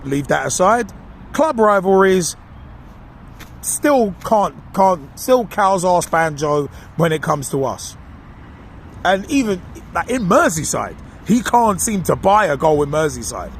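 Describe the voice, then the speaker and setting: A man co-hosting a podcast, delivering a casual, animated and mocking football opinion monologue. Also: high-pitched, slow pace, a little hiss or hum. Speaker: podcast co-host.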